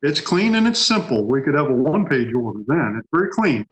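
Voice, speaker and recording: A man's voice: medium pitch, very animated, brisk, a bit bright, poor audio. A man speaking at a public policy meeting, conversational and hedging, acting out what others might say. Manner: conversational, hedging, acts out quotes.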